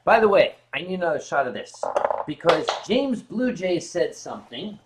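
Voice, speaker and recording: A man's voice: fairly high pitch, big pitch swings, moderate pace, background noise. A man hosting a casual late-night livestream from his home sofa, joking around and swearing freely. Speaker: livestream host.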